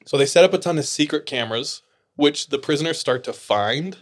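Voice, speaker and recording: A young man with a fairly high pitch talks a little quickly while co-hosting a podcast. Chatting casually, he tells a long, lively story and laughs often throughout.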